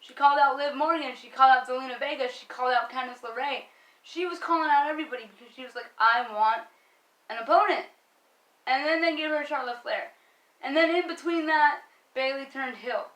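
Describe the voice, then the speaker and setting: A woman's voice: sits high, a little fast, fairly bright tone, roomy sound, low-quality recording. A young woman giving an exasperated, emphatic, profane rant as a fan commentator. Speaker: wrestling vlogger.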